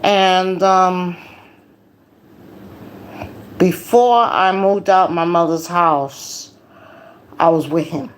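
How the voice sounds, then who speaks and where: A woman losing her voice, livestreaming a casual personal talk in a slow, confiding way with preachy asides. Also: lowish voice, fairly even intonation. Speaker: livestream host.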